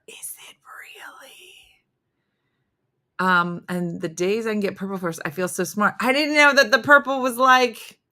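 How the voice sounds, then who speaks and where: A woman with a medium-pitched, sharp-toned voice hosts a live morning show as a comedian. She chats casually and pokes fun at herself, reading out viewer comments along the way in a relaxed live-stream style.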